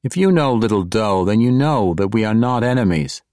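A courtly male dark elf rogue with a low, even voice, put on by a man reading a fantasy audiobook. He speaks in ornate, polite phrases, dry and close to the mic. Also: moderate pace, no echo, natural voice. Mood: smooth diplomatic.

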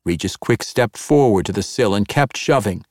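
A man narrating a fantasy audiobook in a measured, expressive reading. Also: lowish voice, no room sound, studio quality.

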